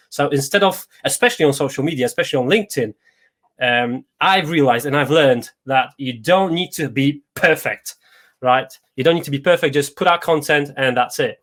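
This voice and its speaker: A man hosting a casual live-stream chat over a video call, who talks in a relaxed way and often restarts his phrases. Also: mid-range voice, fairly quick. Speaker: host.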